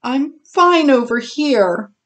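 Whiny, timid little boy piglet in a storybook , as a woman puts him on, higher voice with lively, swooping pitch. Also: slow pace, heavily acted. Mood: wary. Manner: whiny, hesitant. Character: small timid young boy piglet, newcomer.

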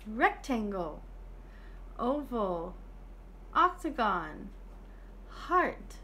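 A woman teaching young children online, speaking in a slow sing-song way as she counts and praises. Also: high voice, a bit bright, a little hiss or hum. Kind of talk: online preschool lesson.

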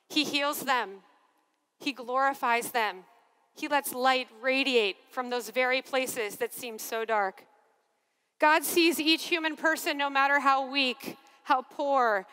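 A religious sister giving a keynote to a large crowd in animated, expressive storytelling, acting out voices and laughing often. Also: female voice, high voice. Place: large convention arena. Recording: long reverb of a big arena.

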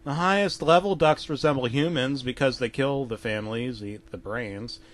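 A man narrating a comedic horror story in a deadpan, mostly low-key way with sudden loud outbursts. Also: normal speed.

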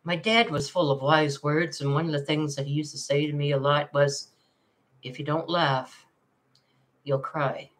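An older woman hosting a relaxed livestream from home, her voice low and her pace unhurried. She chats and laughs easily, calling her viewers darling as she reads their comments. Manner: chatty, laughs often, calls viewers darling. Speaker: livestream host. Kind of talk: casual livestream chat reading comments.

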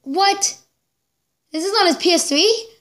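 A woman hosts a reaction video, excitedly commentating live, exclaiming and laughing as she watches. Her voice is very high and unhurried.

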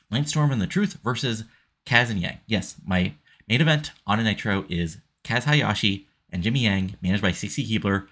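Guy with a low husky voice rambling thru his wrestling sim save, lots of you knows. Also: a bit bright. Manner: rambling, many fillers like "you know". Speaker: let's-play host recapping a wrestling sim. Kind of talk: casual game commentary.

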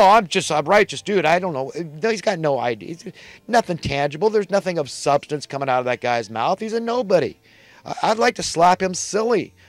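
A man's voice: a little high, no room sound. A man delivering a heated, blunt monologue as a political commentator. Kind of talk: ranting monologue.

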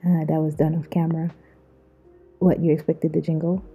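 Husky low-voiced woman, playful vlog narration. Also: little pitch movement, mellow. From Zambia. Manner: playful, self-mocking, drawn-out slang asides. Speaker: vlogger. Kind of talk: casual voice-over narration. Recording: muffled phone-like mic.

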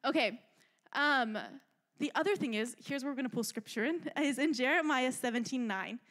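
A young adult woman giving a youth sermon in an animated, chatty way, often checking in with "right?". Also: high voice, normal speed. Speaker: youth speaker.

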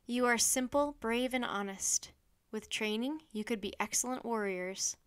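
A woman voicing a wise, calm Roman emperor, speaking in a slow, measured, stately way. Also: on the high side, clear, resonant tone, natural voice.

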